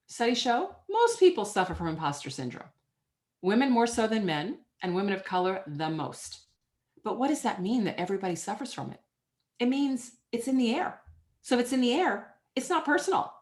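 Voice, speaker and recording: A middle-aged woman answering interview questions as a guest author, telling stories in an emphatic, energetic way. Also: fairly high pitch, normal speed.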